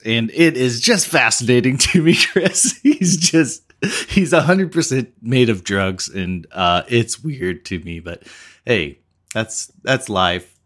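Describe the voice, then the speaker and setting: Chill dude rambling on a podcast, goofy, lots of uh and um. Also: male voice, medium pitch, a bit bright. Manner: playful, rambling, many fillers and restarts. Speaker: podcast co-host. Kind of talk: casual podcast chat.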